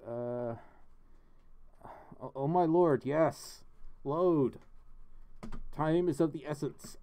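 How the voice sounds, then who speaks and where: Hosting a laid-back livestream from home, a man with a medium-pitched, slightly mellow voice chats with his viewers. He laughs a lot, giggles, reads chat and donations out loud, and thanks those who donate.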